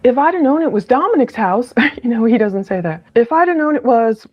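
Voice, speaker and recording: A woman's voice: fairly high pitch, animated, a little fast, no room sound, highs cut off. A woman giving casual, chatty commentary over audio clips, laughing often and quoting people in mock voices. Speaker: true crime commentator.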